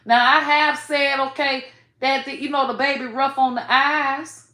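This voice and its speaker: A woman talking casually to camera as a vlogger, blunt and profane, often saying "bro" and "y'all", swinging between soft and loud as her feelings run high. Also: fairly even intonation, moderate pace, echoey room.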